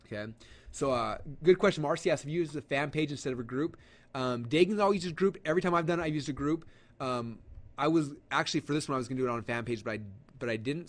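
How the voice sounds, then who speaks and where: A man presenting a live marketing webinar, talking to viewers, acting out quotes in a raised voice and using many fillers. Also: mid-range voice. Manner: animated, acts out audience quotes, lots of fillers.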